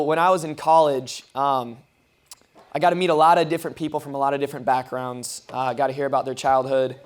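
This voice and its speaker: A man's voice: a little high, clean tone. A young man, the groom, giving a rambling, heartfelt wedding toast at a reception with lots of ums, choked up and fighting back tears. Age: young adult. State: tearful, choked up.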